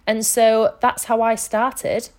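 Slow-paced, a little high, and with little pitch movement, a young woman's voice carries a casual motivational monologue on her own podcast. As a life coach she talks earnestly and emphatically about changing her life, cursing freely along the way.

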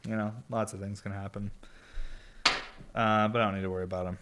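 A man's voice: fairly low pitch, little pitch movement, brisk, heavy background noise. A young man hosting a solo podcast, rambling in a laid-back, stoned way, full of filler words and casual swearing. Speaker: podcast host and glass blower.

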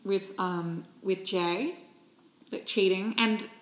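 A woman's voice: medium pitch, fairly even intonation, slow pace. A woman co-hosting a podcast, chatting casually in a rambling way with many restarts. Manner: rambling, trails off and restarts, lots of fillers. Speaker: podcast co-host. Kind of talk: casual chat. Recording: echoey room.

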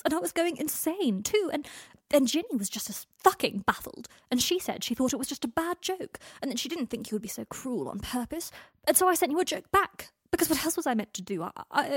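A woman's voice: medium pitch, husky, no echo, clean studio sound, close to an everyday voice. A woman reading a bitter, sarcastic young man. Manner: biting sarcasm, emotional and raw.

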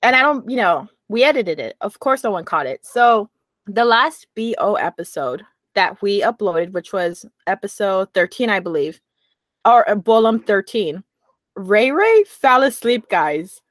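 A woman's voice: medium pitch, sing-song, unhurried, no echo. A young woman co-hosting a podcast, chatting casually and telling a rambling story while laughing easily. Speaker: podcast co-host. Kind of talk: casual chat.

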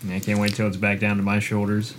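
A man's voice: lowish voice, completely flat delivery, fast, a little hiss or hum. A man co-hosting a casual podcast, throwing in joking, profane one-liners. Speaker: podcast co-host. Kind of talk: casual chat.

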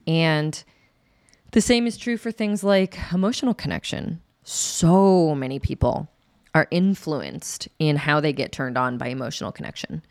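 Chatty woman sex educator, low gravelly voice, super candid, dry close sound. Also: a little slow, no room sound. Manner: candid, chatty, acts out quotes with laughs. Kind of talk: casual educational talk to camera.

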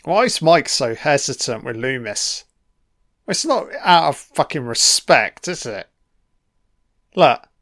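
A man's voice: mid-range voice, animated, slow, pauses often, fairly bright tone, no room sound, clean studio sound. A man giving casual, sweary film commentary, sardonic and mocking.

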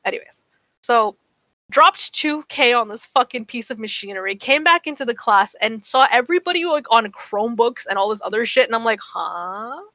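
A woman's voice: a little high, normal speed, no echo. A woman in her twenties on a podcast, chatting casually and telling stories with lots of swearing, acting out what people said. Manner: profane, animated storytelling, acts out quotes. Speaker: podcast co-host. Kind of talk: casual chat.

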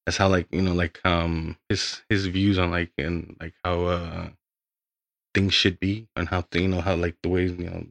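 A man's voice: deep voice, level tone, normal speed, vocal fry, fairly bright tone, no echo. A young man, a podcast guest, telling his story in a rambling, casual way with lots of swearing.

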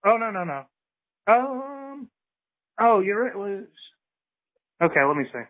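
A man's voice: high-pitched, very animated, a little slow, fairly bright tone, low-quality recording. A man co-hosting a casual podcast conversation who works through his points at length.

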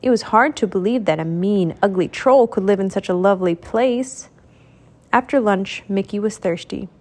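A woman reading a children's storybook aloud, clear, expressive and steady. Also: medium pitch, normal speed.

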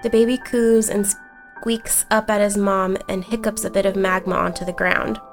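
A woman's voice: mid-range voice, normal speed, faint music behind. A young woman playing her character in a tabletop role-play, narrating and voicing it with giggly energy. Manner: giggly, bubbly, animated when voicing her kobold. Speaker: player.

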